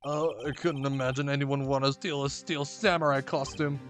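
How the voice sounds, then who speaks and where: A man's voice: mid-range voice, steady tone, normal speed, a bit bright, faint music behind, natural voice. A man voicing a nervous, stammering male defendant in a video game.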